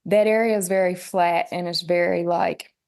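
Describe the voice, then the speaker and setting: A woman's voice: on the low side, moderate pace, creaky. Tennessee-twang woman, musician guest, chatty storyteller who acts out quotes. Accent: West Tennessee Southern twang. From West Tennessee, USA. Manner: storytelling, animated quoting of others. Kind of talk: casual interview chat.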